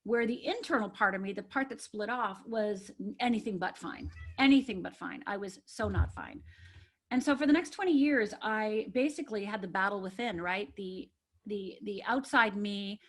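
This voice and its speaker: She speaks at normal speed in a mid-range voice. A woman from Upper Michigan, USA, and a life coach appearing on a podcast, she relates a personal story with earnest emphasis, often asking "right?"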